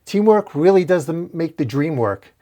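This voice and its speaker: A man's voice: fairly high pitch, lively intonation, moderate pace, mellow, pitched above the performer's own voice, lightly acted. A man reading as a wisecracking young superhero from a comic. He tosses off jokes and quips in an upbeat, lifted voice. The voice stays close to his own everyday one. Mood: quippy. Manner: joking, quippy.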